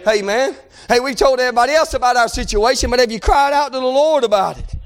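Impassioned high-voiced preacher. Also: male voice, quick pace. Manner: impassioned, swings between shouting and hushed. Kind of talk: sermon.

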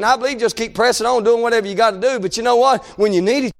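A male preacher delivering a fervent sermon, swinging from shouted pleas to low, quiet passages, in folksy, informal phrasing. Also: fairly even intonation, very fast.

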